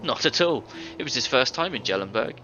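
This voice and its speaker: This is video game voice acting: a man with a mid-range voice, lively intonation and a sharp tone speaks briskly as a boastful middle-aged ex-thief. He's a boisterous tavern storyteller, hearty and bragging as he spins his tales. The recording is dull game audio with faint hiss.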